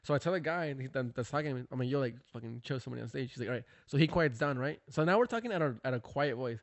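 A man telling a comedy-club story in casual chat, animated and swearing, acting out quotes. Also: medium pitch, racing, no room sound. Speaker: stand-up comedian, podcast co-host.

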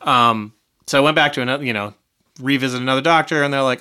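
A man's voice: mid-range voice, fast, bright, forceful tone, smooth. A man co-hosting a podcast, short of breath, talking candidly in casual chat and swearing now and then. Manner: candid, swearing, laughing through hard news. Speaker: podcast co-host.

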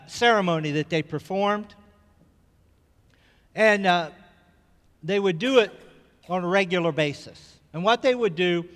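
A man's voice: a little high, fairly bright tone, clean tone, big-room sound. A man preaching a sermon as pastor, telling a story and building to fervent repeated cries.

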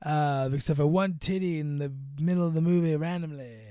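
Young male co-host, high smooth voice, dry close sound, rambling movie recap full of "like". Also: a little fast, warm tone, no room sound. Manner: rambling, filler-heavy storytelling, acts out lines in higher voices. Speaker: podcast co-host. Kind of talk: casual movie recap chat. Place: home room.

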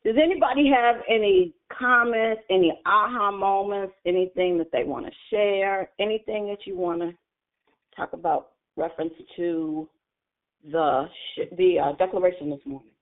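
A woman hosting a morning prayer call, greeting each caller and blessing them in turn. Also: mid-range voice. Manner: warm, quick to bless callers. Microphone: phone. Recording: phone line.

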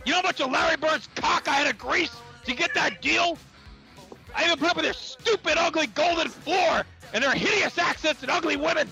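A man playing a brash, foul-mouthed wrestling promoter who blusters and shouts crude insults. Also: very high voice, a little fast, creaky, faint music behind, heavily acted, low-quality recording. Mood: blustering.

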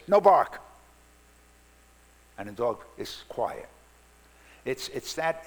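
A man preaching a sermon, reading scripture and explaining it expressively, then praying softly. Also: mid-range voice, gravelly. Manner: expressive, shifts from loud emphasis to soft prayer. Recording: reverberant hall, faint hum.

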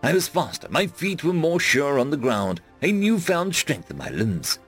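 A man narrating a web serial chapter aloud in first person, reading expressively with big dramatic swings and shouting out the dialogue. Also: a little high, very animated, normal speed, breathy edge, faint music behind. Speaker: audiobook narrator.

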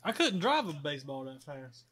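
A young man chatting casually on a podcast, talking slowly in a drawl. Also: fairly high pitch, very animated, a bit bright, slightly rough. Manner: drawling, slow-talking, laughs at himself. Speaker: podcast co-host. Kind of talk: casual chat.

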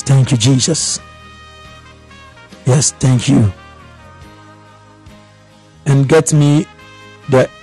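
A man's voice: mid-range voice, a little mellow, husky. A man leading prayer and Bible teaching, chanting fervently in tongues and calling out rhythmic, repetitive prayers. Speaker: pastor.

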